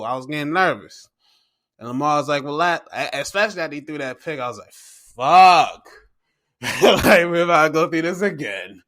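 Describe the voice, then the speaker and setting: Excitable, slangy man with a bright voice. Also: on the high side. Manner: excitable and slangy, swears freely; retells games by acting out his own reactions. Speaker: sports podcast host. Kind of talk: casual sports recap chat.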